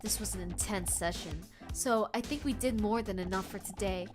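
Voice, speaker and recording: A woman voicing a calm, reassuring male doctor in a game, speaking softly and a little lower than her own voice. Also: moderate pace, over music, natural voice. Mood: soothing. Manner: soft, low, soothing.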